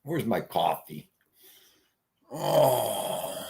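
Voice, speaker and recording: Husky, rambling older male streamer. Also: fairly low pitch, sing-song, very slow. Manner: profane, rambling, loud swings in volume. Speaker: livestream host. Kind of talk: casual livestream chat.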